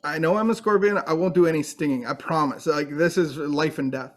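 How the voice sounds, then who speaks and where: A man's voice: on the high side, a little fast, close to an everyday voice. A man voicing a male scorpion in a spoken parable, eager and pleading.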